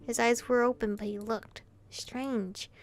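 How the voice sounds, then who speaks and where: A woman streamer reading a visual novel aloud, animated and reactive, breaking off to comment on the story. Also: a little high, measured pace, soft background music. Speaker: gaming streamer.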